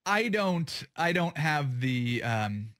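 Animated man joking on a radio show. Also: takes it slowly. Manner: animated, jokey, pitch jumps when excited. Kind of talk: casual chat.

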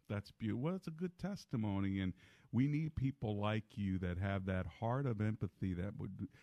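Radio pastor-host, male, lower register, dry studio sound, keeps checking in with listeners. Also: no room sound. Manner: warm pastoral encouraging, frequent "all right?" check-ins. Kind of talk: call-in radio talk and teaching.

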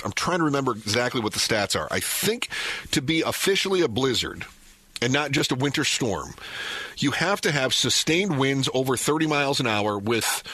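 A man's voice: mid-range voice, pushed and bright, slightly rough, no room sound. A middle-aged man from northern Michigan, hosting and chatting casually, rambling with many fillers. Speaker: radio show host. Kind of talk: casual chat.

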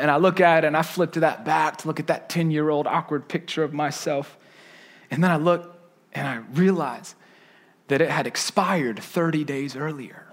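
A man, preaching a sermon through an animated, self-deprecating personal story. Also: a little high, slight background noise.

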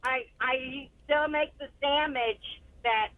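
A woman's voice: sits high, slow pace, no room sound, phone-quality sound. A woman in her sixties calling in to a radio show, telling her story bluntly and plainly over the phone. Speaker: caller. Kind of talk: call-in radio chat.

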